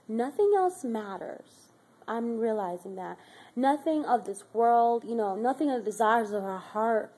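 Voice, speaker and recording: A woman's voice: mid-range voice, mellow, breathy edge. A woman in her twenties telling a heartfelt personal story in a casual vlog, rambling with many fillers and growing more emotional as she talks. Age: 20s. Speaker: caregiver. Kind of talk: personal faith vlog testimony.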